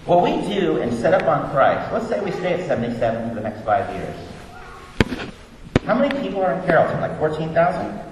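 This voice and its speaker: A man preaching a sermon in a church, animated and joking at his own expense. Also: a little high, fairly quick. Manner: animated, joking, self-deprecating. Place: church sanctuary. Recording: echoey hall from far off, faint noise.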